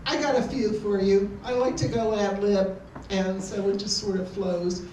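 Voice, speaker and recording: A woman's voice: mid-range voice, little pitch movement, moderate pace, warm tone, a little hiss or hum. An older woman doing stand-up on a community stage, telling jokes in an easygoing, anecdotal way. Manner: easygoing, anecdotal joke delivery. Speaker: amateur stand-up comedian. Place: community hall with an audience. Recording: echoey hall, distant room mic.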